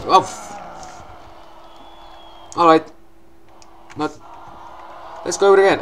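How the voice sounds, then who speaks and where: Excitable swearing young man gaming. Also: fairly high pitch, normal speed, pauses often, a little hiss or hum, poor audio. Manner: excitable, swears a lot, loud outbursts and laughs. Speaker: gameplay commentator. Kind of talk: gameplay commentary.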